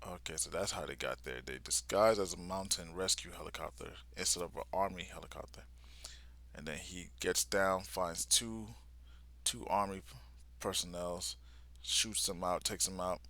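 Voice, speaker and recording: A man's voice: sits low, normal speed, bright, forceful tone, dry recording. A man giving a live reaction to a comic, retelling it in casual slang and sometimes sinking to a near-whisper. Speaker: vlogger reacting live to a manga.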